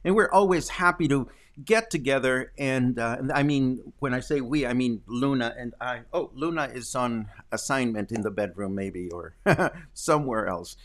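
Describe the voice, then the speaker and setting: A man's voice: mid-range voice, moderate pace. Rambling, chatty man hosting a live stream. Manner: chatty, rambling, with frequent ums and self-corrections. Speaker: host. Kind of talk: casual live-stream chat. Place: at home.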